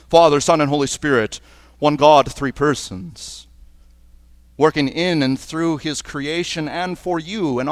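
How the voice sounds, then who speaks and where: A man preaching a sermon as pastor at a church service, earnest and slowing down on key phrases. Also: medium pitch, dry recording. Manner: earnest, with slowed emphatic phrases. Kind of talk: liturgical sermon.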